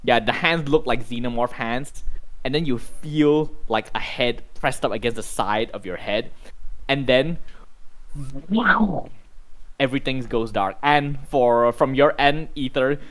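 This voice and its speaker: Male game master, mid-pitched voice, easygoing narration peppered with fillers. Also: measured pace. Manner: loose, conversational narration with fillers.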